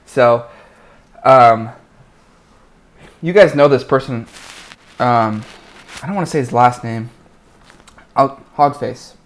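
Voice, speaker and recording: A laid-back young man with an everyday mid-range voice. He keeps the chat moving with short questions and quick murmurs of agreement before starting a story of his own. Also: mid-range voice. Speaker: podcast co-host. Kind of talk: casual chat.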